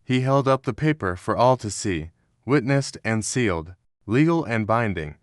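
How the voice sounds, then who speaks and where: A man giving a scripted narration of a historical story in a steady, measured way. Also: fairly low pitch, no echo, studio quality. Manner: steady, measured storytelling with quoted dialogue read in the same voice.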